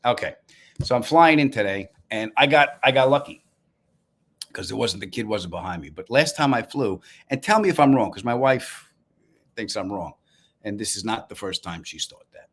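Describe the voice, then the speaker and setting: A man's voice: lowish voice, moderate pace. Male comedian with a Long Island accent, hosting a casual live stream; dry, wry delivery. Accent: Long Island New York. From Long Island, New York. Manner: wry, deadpan storytelling with asides to viewers. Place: apartment room, indoors.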